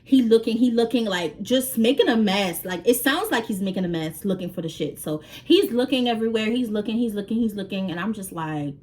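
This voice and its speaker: Animated woman telling a slangy story. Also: medium pitch, a little fast, few pauses. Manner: animated, slangy, swearing, acting out voices. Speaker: vlogger. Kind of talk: casual storytelling.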